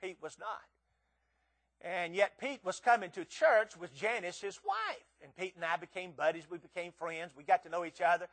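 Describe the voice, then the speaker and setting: A man's voice: sits high, normal speed, fairly bright tone. A man preaching a revival sermon, telling stories and acting out quoted voices with emphatic rises and drops. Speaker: visiting preacher.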